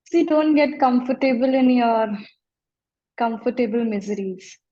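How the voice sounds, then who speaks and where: Slow, soothing woman coach. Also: mellow, highs cut off. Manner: slow, soothing, deep trance-inducing voice. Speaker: emotional wellness coach, guest. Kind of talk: calm interview answers.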